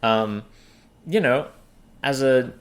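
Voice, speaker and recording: A man's voice: medium pitch, takes it slowly. A man co-hosting a casual book podcast, talking hesitantly with many fillers and restarts. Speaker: podcast co-host.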